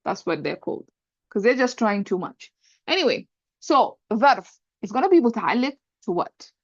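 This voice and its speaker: A woman's voice: fairly high pitch, big pitch swings, a little fast, no echo, muffled recording. A woman teaching an Arabic grammar lesson, patiently explaining step by step and often checking with "right?". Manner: patient, repeats points, checks understanding with "right?".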